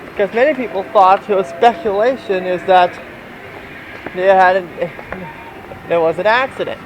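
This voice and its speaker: A young man with a high voice vlogs on a handheld camera as he walks outdoors. He rambles, restarts his sentences and sounds slightly out of breath. Loud park noise fills the background. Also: moderate pace. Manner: rambling, restarts, catches breath while walking. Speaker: vlogger. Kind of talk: casual walking vlog.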